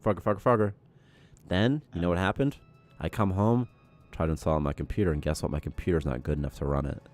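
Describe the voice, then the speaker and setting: Fast-talking deep-voiced young man. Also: soft background music. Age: 20s. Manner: profane, animated storytelling. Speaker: game programmer. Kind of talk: casual dev stream chat.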